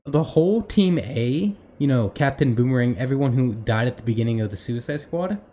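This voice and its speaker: A man's voice: mid-range voice, dark tone, slight background noise. Rambling young man chatting on a podcast. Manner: rambling, many fillers and restarts. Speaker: podcast co-host. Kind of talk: casual chat.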